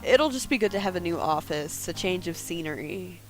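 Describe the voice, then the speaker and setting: A woman voicing a guarded, brooding woman in her thirties, reading her first-person narration and lines quietly and dryly in a game. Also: lowish voice, lively intonation, moderate pace, faint music behind, close to an everyday voice, rough recording.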